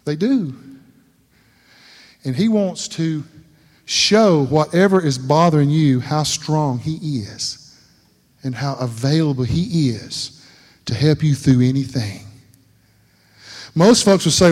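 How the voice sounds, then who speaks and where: Middle-aged man, sermon, folksy storytelling, fairly high voice, long hall reverb. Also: slow pace, long pauses, darkish tone. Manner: folksy storytelling, laughs often. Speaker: pastor.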